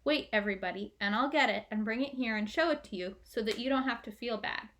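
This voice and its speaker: A woman's voice: fairly high pitch, quick pace, a bit bright, lightly acted. A woman reading aloud, voicing a frank, wry teenage girl in a storybook. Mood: eager.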